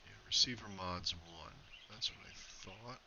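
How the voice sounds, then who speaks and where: A man's voice: low-pitched, unhurried, lo-fi sound. A man streaming a video game, chatting casually and joking, with laughs and whispered asides. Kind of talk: casual live-stream chat. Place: home room with birds outside. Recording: noisy room with bird sounds.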